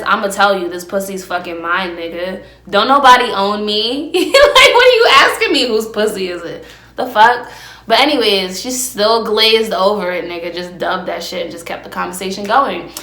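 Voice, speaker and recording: A woman's voice: mid-range voice, bright, forceful tone. A young adult woman hosting a podcast on her own, telling stories in a brash, profane, casual way and eating as she talks, recorded on a phone. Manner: brash, profane storytelling, eats while talking. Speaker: podcast host. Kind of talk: casual solo podcast chat. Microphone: phone camera with ring light. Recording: roomy echo.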